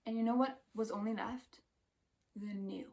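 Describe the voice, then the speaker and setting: A woman's voice: on the high side, steady tone, normal speed, a little mellow, distant mic, soft background music. A woman talking casually to her viewers about a spiritual experience, emphatic and intense, with lots of "like" in her speech. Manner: emphatic, intense, heavy use of "like". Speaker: spiritual vlogger. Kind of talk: casual spiritual vlog talk.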